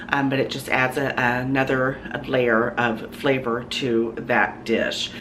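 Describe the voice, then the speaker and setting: A woman's voice: rumbling low, level tone, slow pace, hardly any pauses, noisy background. A woman hosting her own cooking channel, talking casually through a recipe in her home kitchen with lots of ums and restarts. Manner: chatty, with many ums and restarts. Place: home kitchen, food sizzling in a pan.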